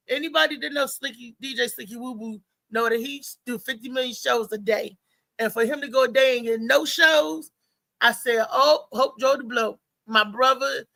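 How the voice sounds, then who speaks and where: A woman hosting a live show talks in a chatty, animated storytelling flow. Her voice sits high with a gravelly fry. The sound is dry and close. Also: no room sound. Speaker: host. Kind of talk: casual live show chat.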